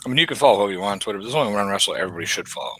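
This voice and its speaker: A man's voice: fairly low pitch, lively intonation, very fast, pushed and bright, breathy edge, low-quality recording. A man hosting a casual chat, telling loose stories with plenty of swearing and laughter.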